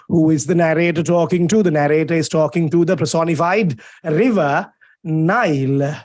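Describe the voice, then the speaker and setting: A young male English literature teacher with a Sri Lankan English accent, speaking in a fairly high voice on a video-call lecture. He jokes with his students and fires off questions, then answers them himself. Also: moderate pace, darkish tone. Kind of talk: online lecture. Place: home or classroom, streamed over a video call. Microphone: video call microphone.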